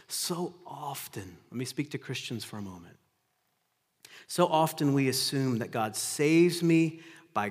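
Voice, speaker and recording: A man's voice: medium pitch, slightly rough. Man preaching in a reverberant hall. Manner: earnest preaching, swings from loud emphasis to hushed intensity. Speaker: pastor. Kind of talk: sermon. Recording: long reverb of a large hall.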